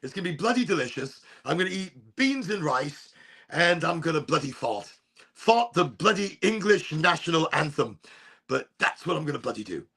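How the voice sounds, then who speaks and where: A man voicing his cheeky, crude older English father in a higher, brighter put-on voice. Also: sing-song, fast, breathy edge. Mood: blustery. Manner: blustering, swears mildly.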